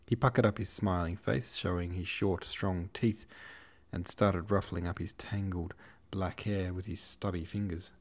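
A man narrates a classic novel in a cheeky, irreverent style, swearing freely and adding asides. His voice sits fairly low for a man. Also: fairly even intonation, unhurried. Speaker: podcast host reading a novel.

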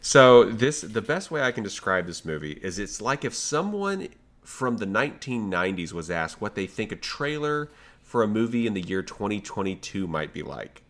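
A man's voice: lowish voice, very animated, normal speed, a bit bright. A man co-hosting a podcast, chatting casually about movie trailers with jokey, sarcastic asides. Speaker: podcast co-host.

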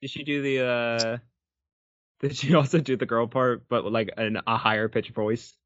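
A man's voice: mid-range voice, little pitch movement, moderate pace, a bit bright, no echo. Man, casual co-host, playful jokes, very dry close sound, dull lo-fi quality. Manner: joking, easygoing, playful. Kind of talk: casual chat.

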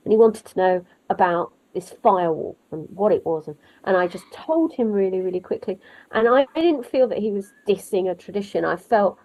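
Casting: woman storyteller, wry and lively, conversational, prone to tangents. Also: mid-range voice, fairly quick, low-quality recording. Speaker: storyteller guest. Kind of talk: conversational interview.

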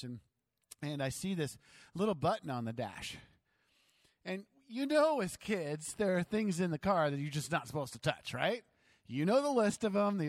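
A man telling a self-mocking childhood story as a sermon to his church, animated and dramatic. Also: fairly high pitch, no echo.

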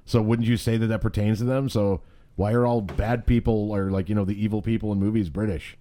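A man's voice: fairly low pitch, fairly even intonation, a little fast, mellow. A man co-hosting a podcast, teasing and joking in casual banter. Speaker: podcast co-host.

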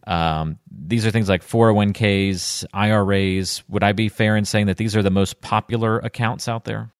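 Male podcast host, upbeat and chatty, lower register, dry close mic. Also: steady tone, normal speed, smooth, no room sound. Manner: upbeat, chatty, laughs easily. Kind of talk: casual podcast chat.

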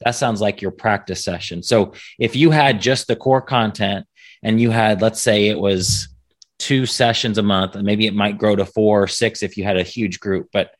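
A man's voice: fairly low pitch, fairly even intonation, moderate pace. A man acting as a business coach, talking casually and thinking aloud with frequent restarts. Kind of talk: casual consulting chat.

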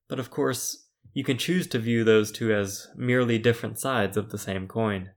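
A man preaching a sermon, retelling scripture in a deliberate, measured storytelling manner. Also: mid-range voice.

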